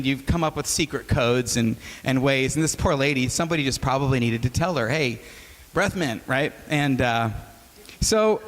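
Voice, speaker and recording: A man in his forties from Wisconsin, giving a casual, joking sermon as a guest speaker and telling stories. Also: a little high. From Wisconsin, USA. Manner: joking, conversational, animated storyteller. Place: chapel hall. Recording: long reverb of a large hall.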